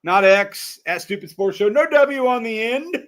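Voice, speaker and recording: A man's voice: sits high, animated, normal speed, fairly bright tone. A man co-hosting a sports podcast, talking casually about betting picks and games with a laid-back, rambling manner. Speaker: podcast co-host.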